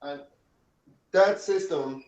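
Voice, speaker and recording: A man's voice: fairly high pitch, drawn-out words, darkish tone. An Irish man with an Irish accent, chatting casually in a rambling, anecdotal way and swearing freely. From Ireland. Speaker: podcast host. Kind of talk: casual chat. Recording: echoey, dull lo-fi room sound.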